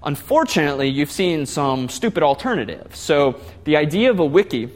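A man's voice: a little high, very animated, moderate pace. A man giving a classroom lecture, explaining step by step and putting questions to the class.

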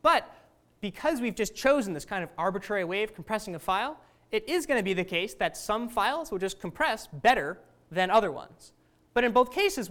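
A woman's voice: mid-range voice, a bit bright. A woman teaching a class in a casual, conversational lecture, often asking the students questions.

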